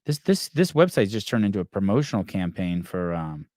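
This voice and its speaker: A man's voice: low voice, very animated, a little fast, a little mellow, no echo, studio quality. A man hosting a podcast in casual chat, reading live comments and ranting in a rambling, profane way with many restarts. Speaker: podcast host.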